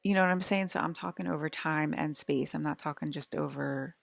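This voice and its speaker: A woman with a low, gravelly voice talks straight to her viewers in a loose, wandering way, stringing thoughts together with constant "like"s. The sound is dry and close, with no room around it. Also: a little fast, dry recording. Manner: rambling, full of "like" fillers. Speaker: vlogger. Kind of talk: casual monologue to viewers.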